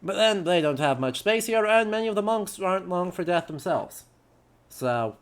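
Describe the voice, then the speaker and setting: A man reading aloud the lines of a gruff older male gravedigger from a game, in a plain reading voice. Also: high voice, expressive, moderate pace. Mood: matter-of-fact.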